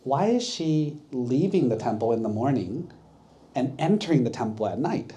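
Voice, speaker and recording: A man's voice: mid-range voice, expressive, moderate pace, mellow, natural voice. A man voicing a puzzled monk in a story, asking questions about odd behavior.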